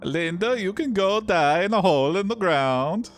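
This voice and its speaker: Man doing a high, strained mock-Danish boss, pompous and showy. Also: lively intonation, moderate pace, faint music behind. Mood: bossy. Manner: exaggerated, high, strained put-on voice.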